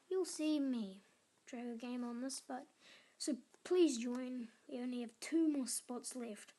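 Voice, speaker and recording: A woman hosts a casual mobile gameplay video on her gaming channel, her high, warm voice moving a little slowly. She chats along and often drops into muttered whispers, cheering on and scolding her game units.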